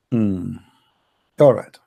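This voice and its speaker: Hosting a live call-in religious debate show, a man speaks directly into the mic in a dark, gravelly, rather low voice. He taunts and teases in a repetitive sing-song, with broken English grammar and frequent throat clearing. The sound is close and dry, with no room tone.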